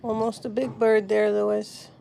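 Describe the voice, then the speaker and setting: A woman hosting a live stream from her phone, talking softly and sadly to viewers in the chat. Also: mid-range voice, level tone, moderate pace, gravelly, slight background noise. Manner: soft, grieving, answering chat comments. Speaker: pet channel host.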